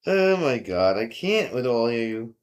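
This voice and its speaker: A man's voice: medium pitch, sing-song, a little slow, clean tone. A man hosting a casual livestream, reading out viewer chat and joking around with a playful manner and frequent laughter. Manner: jokey and playful, laughing often.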